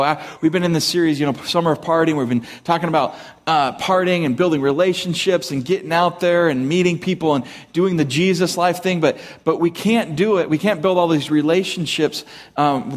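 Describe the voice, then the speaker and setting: Casual pastor in a reverberant hall. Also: male voice, on the high side. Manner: conversational, animated, jokey asides to the congregation. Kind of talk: casual sermon. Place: church hall with live congregation.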